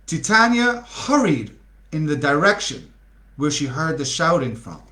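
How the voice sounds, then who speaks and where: A man's voice: fairly high pitch, sing-song, measured pace, bright, forceful tone. A man reading a storybook aloud to a live audience, playfully asking them questions as he goes. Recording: roomy echo.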